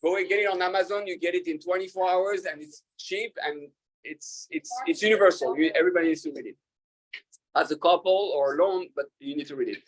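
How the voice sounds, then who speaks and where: A man, a rabbi, talking casually to an audience, halting with fillers and restarts and laughing at his own jokes. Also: sits high, low-quality recording.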